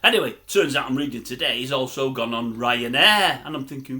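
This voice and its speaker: A man's voice: medium pitch, lively intonation, fairly quick, few pauses, sharp tone. An older man, rambling to camera as a vlogger in a grumbling, chatty storytelling style.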